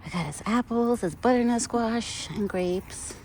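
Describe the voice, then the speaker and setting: Filming outdoors on a trail with her phone, a young vlogger with a slightly high, somewhat mellow voice chats casually at a measured pace. She feeds a wild deer and speaks sweetly to it, and the outdoor phone recording picks up noise.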